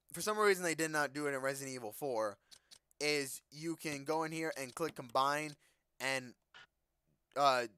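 A man with a slightly high, sharp-edged voice plays through a video game and keeps up a running, joking commentary. He shouts back at the characters on screen and drops to a low mutter when reading the text shown in the game. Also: clear, resonant tone, dry recording, clean studio sound. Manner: joking, talks to game characters, loud outbursts. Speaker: let's play gamer. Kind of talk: casual gameplay commentary.

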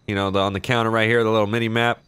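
A man's voice: fairly low pitch, little pitch movement, rapid-fire, fairly bright tone, smooth, no room sound. Laid-back young man narrating roleplay. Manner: laid-back, swears casually, drawls out action emotes. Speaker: roleplay streamer playing a shop clerk. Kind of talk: casual gameplay commentary and in-character chat.

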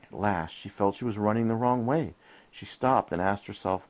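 A man reading a bedtime story to his child while in bed, gently asking questions along the way, recorded on a head-mounted camera. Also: on the low side, moderate pace. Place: in bed at home.

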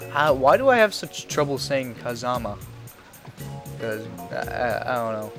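A man's voice: medium pitch, sing-song, unhurried, over music. Casual cursing gameplay commentator, man. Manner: profane, rambling, reads game dialogue aloud. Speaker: let's play commentator.

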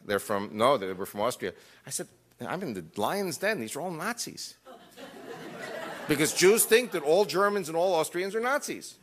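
A man's voice: on the low side, fairly bright tone. A man speaking to a live audience, telling personal stories with jokey asides and acting out quoted dialogue. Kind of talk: lecture storytelling.

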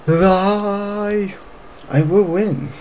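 A man commentating while playing a video game, swearing and yelling at it. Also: sits high, very slow, slight background noise, low-quality recording. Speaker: gamer. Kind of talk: let's play commentary.

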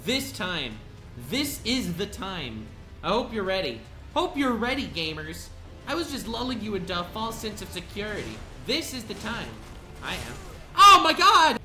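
A man's voice: high-pitched, big pitch swings, moderate pace, pushed and bright, faint music behind. A young man commenting on his own gameplay, taunting the boss and venting to his chat between frustrated outbursts. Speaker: gaming video creator.

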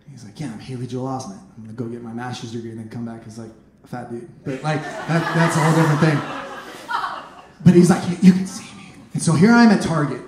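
Man doing stand-up, shouted punchlines. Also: medium pitch, quick pace. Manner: animated storytelling, sudden shouted punchlines. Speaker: stand-up comedian. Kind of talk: stand-up set. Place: comedy club stage with audience. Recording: echoey room, noisy club.

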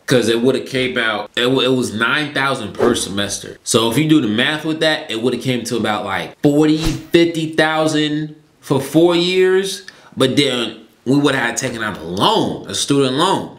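A young man from Atlanta telling a story to camera in a casual, slangy, profane way, his voice jumping between loud and low. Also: animated, unhurried. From Atlanta, Georgia, US. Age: young adult. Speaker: YouTuber. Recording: echoey room.

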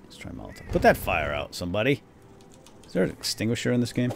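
A man hosting a let's play video, commenting on a boss fight with excited exclamations. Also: medium pitch, fast, gravelly, slight background noise. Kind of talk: gameplay commentary.

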